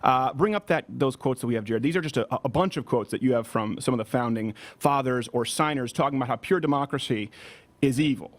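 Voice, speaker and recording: A man hosting a political commentary show from a studio, with an animated, mocking delivery. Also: mid-range voice, brisk. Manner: animated, mocking, breaks into shouted impressions. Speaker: talk show host.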